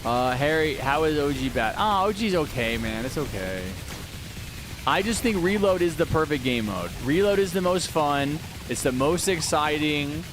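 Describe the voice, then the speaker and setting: A man's voice: fairly high pitch, animated, moderate pace, noisy background. Chatty male game streamer. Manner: chatty, reads viewer chat aloud and answers it. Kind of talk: casual live-stream chat.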